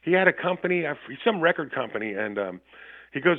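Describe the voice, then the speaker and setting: Speaking quickly with lively intonation and a fairly high pitch, this male guest musician swaps rough, swear-laced anecdotes punctuated by laughter. The radio interview reaches us through a thin phone connection, dry and free of room echo.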